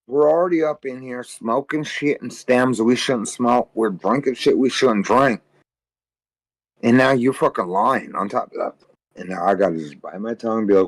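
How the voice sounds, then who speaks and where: A man's voice: moderate pace, breathy edge, no room sound, poor audio. A tired man on a livestream ranting crudely, swearing constantly and rambling. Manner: crude, rambling, swears constantly, mocks others in high voices. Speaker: livestream co-host. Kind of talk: casual livestream rant.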